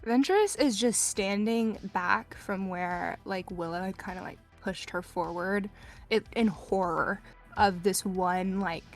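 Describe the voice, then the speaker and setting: Gravelly-voiced woman player. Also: mid-range voice, faint music behind. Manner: earnest, halting description. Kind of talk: casual tabletop role-play.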